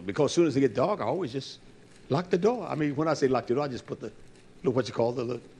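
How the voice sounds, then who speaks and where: A man's voice: medium pitch, lively intonation, fast talker, darkish tone, slight background noise. A male preacher delivering a fervent, blunt sermon, repeating his phrases and calling out to the congregation.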